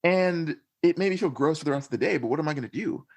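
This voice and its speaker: A man's voice: fairly high pitch, animated, fast talker. A man talking as a podcast guest, earnestly recounting his experiences in a reflective, conversational way. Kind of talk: conversational storytelling.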